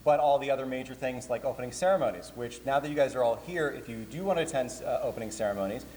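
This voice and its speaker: The convention's programming director, a man speaking at a racing pace with medium pitch, fires off jokes and chatter during a panel as the live audience laughs. Faint room noise and hall reverb fill the background.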